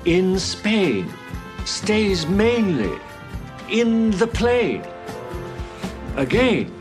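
A man playing an exacting, proper elocution tutor with a slow, deliberate coaching delivery. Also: high-pitched, sing-song, exaggerated voice. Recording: TV clip with loud music.

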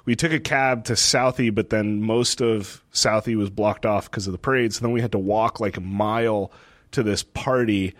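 A young man with a lowish voice co-hosts a podcast at a moderate pace, with no room sound in the recording. He lives in a city in the northeastern US and tells stories animatedly during casual chat, often laughing and voicing other people's lines.

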